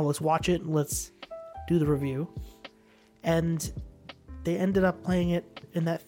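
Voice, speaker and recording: A man's voice: on the high side, steady tone, a little mellow, faint music behind. Chatty male podcast co-host. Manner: chatty storyteller, quick when retelling. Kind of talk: casual chat. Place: Vancouver area.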